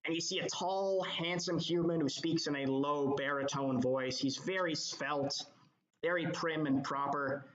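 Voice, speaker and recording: Male game master, fairly high voice, loose rambling narration, roomy muffled sound. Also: steady tone, a little slow, a bit bright. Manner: rambling descriptive narration with fillers. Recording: echoey, dull lo-fi.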